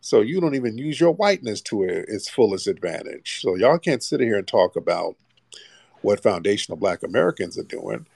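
A man's voice: fairly low pitch, sing-song, a little fast, creaky, a little mellow, no room sound. A man hosting a live call-in stream, talking bluntly and mockingly down to his callers. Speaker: livestream host. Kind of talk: casual live call-in chat.

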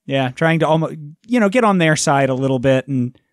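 A man speaks as a player in a tabletop game, hesitant and apologetic as he describes what his character does. His voice sits slightly high and sounds dry and close to the mic. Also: lively intonation, a little fast, dry recording.

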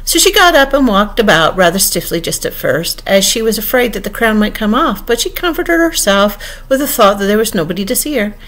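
A woman reading a classic storybook aloud, measured and expressive. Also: medium pitch. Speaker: audiobook reader. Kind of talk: storybook narration.

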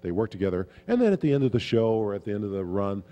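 A man's voice: fairly low pitch, quick pace, long reverb tail, dull audio. A man, a guest actor at a convention panel, telling stories loosely with chuckles and fillers. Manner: relaxed, chuckling, rambling with fillers. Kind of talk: anecdotal storytelling at a Q&A.

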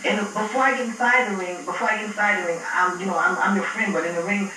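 A soft, lisping heavyweight boxer rambles in a comic impression, as a man puts him on. The voice sits fairly high and far off the mic. It comes through a roomy, hissy television recording. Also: steady tone, fast. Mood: deadpan. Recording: distant, echoey TV clip with noise.

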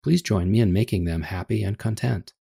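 A man's voice: lowish voice, fairly quick, vocal fry, mellow, slightly rough. A man voicing a gracious, regal young fairy princess with formal, kindly speech in a read-aloud story.

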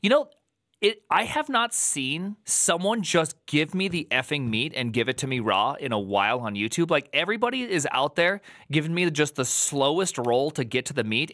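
A man streaming live, reacting to a video with excitable, fast, swinging commentary. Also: fairly high pitch, no room sound, clean studio sound. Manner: excitable, fast, swinging between quick rants and drawn-out emphasis.

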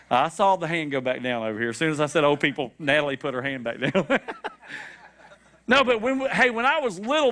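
A man preaching a sermon, animated and repetitive, with shouted high-pitched acted quotes, in a church. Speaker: pastor. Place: church sanctuary.

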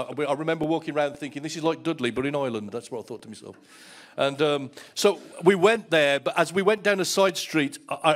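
Middle-aged male pastor, preaching in a storytelling manner, voice sits a little high. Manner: storytelling, repeats words when starting a thought. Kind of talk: sermon.

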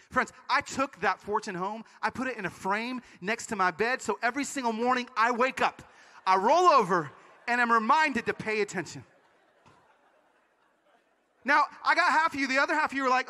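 High, bright-voiced animated male preacher. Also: big-room sound. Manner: animated storytelling with quick asides. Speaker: conference speaker. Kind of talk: energetic sermon talk. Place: large conference hall.

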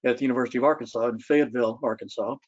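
A man speaking as a historian at a public talk, thoughtful and storytelling, with many pauses and fillers. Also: medium pitch, fairly even intonation, a little mellow, highs cut off.

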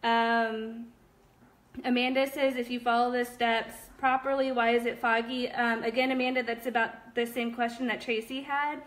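A woman's voice: a little high, level tone, normal speed, a bit bright. A young woman hosting a casual live stream, reading viewer comments aloud with many fillers. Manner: chatty, upbeat, many fillers. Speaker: live-stream host of a nail product shop.

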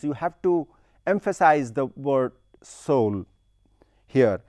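A man giving a university lecture on a poem, slow and deliberate, stopping to recite lines of verse with heavy emphasis. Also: fairly high pitch, big pitch swings, darkish tone, no echo, studio quality. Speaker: literature lecturer.

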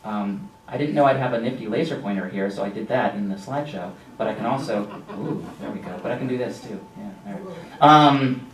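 A man giving a casual slideshow lecture about nature, relaxed and rambling with frequent ums and asides. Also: fairly low pitch, a little fast. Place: lecture room with an audience. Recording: echoey room from a distance.

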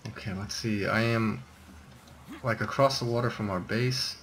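A low-pitched man with a gravelly, creaky edge talks through a co-op game session. He reacts nervously and jumpily to every threat. A faint hiss sits under his voice. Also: moderate pace, a bit bright. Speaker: gamer. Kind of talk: casual co-op gameplay chat.

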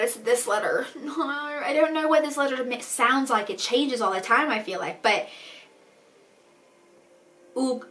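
A woman's voice: on the high side, a bit bright, far from the mic. A woman chatting casually to camera in a vlog, bubbly and laughing at herself. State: out of breath. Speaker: vlogger.

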